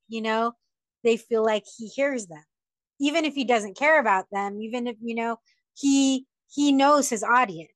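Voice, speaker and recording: A woman's voice: on the high side, no echo. A woman hosting a podcast, chatting casually and rambling, often restarting and repeating words. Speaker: podcast host.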